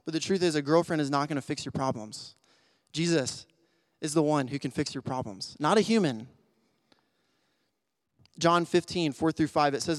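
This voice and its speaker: A man with a somewhat high voice delivers a sermon in an earnest, conversational way. He often restarts his sentences and fills with "like," and at times sounds emotional. The recording is close and dry, with no room sound. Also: moderate pace, pauses often, no room sound. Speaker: pastor.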